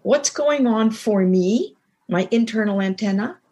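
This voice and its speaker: Measured and warm, this older woman's mid-range voice carries a reflective personal story she shares as a podcast guest. She acts out pieces of quoted dialogue while storytelling in casual chat.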